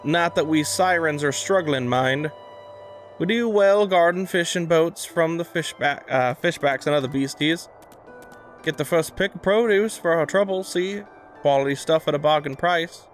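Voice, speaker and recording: A man voicing a folksy, proud female pirate captain from a video game, in a put-on American Southern drawl and a slow, halting read. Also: fairly high pitch, soft background music, natural voice. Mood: gruff. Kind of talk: reading game dialogue aloud.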